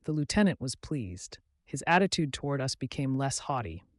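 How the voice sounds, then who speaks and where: A man reading a novel aloud in the first person, with measured, clear narration. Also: medium pitch, very animated, no room sound, clean studio sound. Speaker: audiobook narrator.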